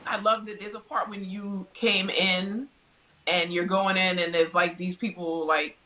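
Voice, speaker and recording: A middle-aged woman co-hosting a casual podcast, animated and quick to laugh as she recaps a TV show. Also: medium pitch, slight background noise, rough recording. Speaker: podcast co-host. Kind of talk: casual pop-culture chat.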